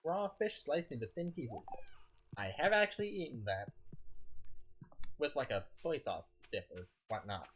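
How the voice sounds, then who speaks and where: A man's voice: on the high side, sing-song, unhurried, pauses often, a little hiss or hum. A tired man streaming a game, rambling as he plays, often stumbling and restarting his sentences. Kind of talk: casual gameplay commentary.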